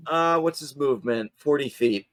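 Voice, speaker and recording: A man's voice: mid-range voice, moderate pace, fairly bright tone, dry recording, clean studio sound. A man running a tabletop game as game master, narrating with many fillers and laughs.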